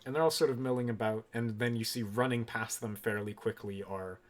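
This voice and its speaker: A man narrating a tabletop game as dungeon master, relaxed and full of ums and uhs. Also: fairly low pitch, fairly quick.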